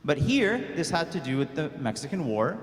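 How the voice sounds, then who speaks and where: High-voiced imam quizzing a crowd. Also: male voice, sing-song. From United States. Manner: interactive, quizzes the crowd with quick questions; casual, slangy asides. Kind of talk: lecture to a live audience. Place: large hall at an Islamic center. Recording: echoey hall, long reverb.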